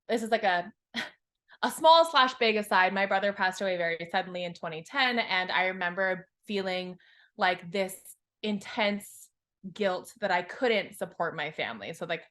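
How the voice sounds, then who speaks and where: On a podcast, a thirtysomething woman who works as a success coach in Hawaii recounts her story openly and expressively. She swears freely, acts out what she used to think, and speaks in a mid-range voice.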